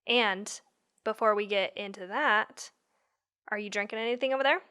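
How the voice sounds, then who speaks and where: A woman's voice: mid-range voice, moderate pace, sharp tone, clean tone. A woman co-hosting a podcast, chatting casually and laughing often, sometimes unsure how to say names. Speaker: podcast co-host. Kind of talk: casual chat.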